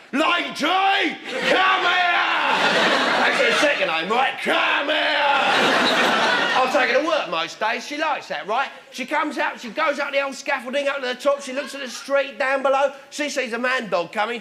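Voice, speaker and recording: A comedian playing a brash, boastful young London working man with a London accent, shouting his brags at a laughing studio audience. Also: extremely high pitch, background noise. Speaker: comedian doing a character monologue. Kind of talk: stand-up character comedy. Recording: echoey studio with a roaring crowd.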